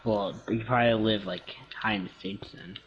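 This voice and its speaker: A man from Canada with a lowish voice chats casually while gaming. He jokes, teases and rambles through his stories. A faint hiss sits under the recording. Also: fairly even intonation, moderate pace, muffled recording. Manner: joking, teasing, rambling.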